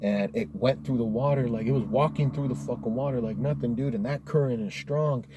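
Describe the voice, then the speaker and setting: A man's voice: medium pitch, fairly quick, background noise. A man telling a spooky story in a casual, profane, laid-back way, dropping "dude" often.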